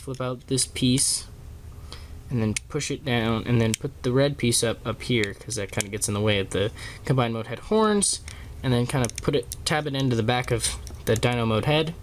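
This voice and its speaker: With a medium-pitched voice and slight background noise, a man demonstrates a toy transformation in a casual review. He speaks haltingly, with frequent fillers and self-corrections, and a camera on a small tripod records him.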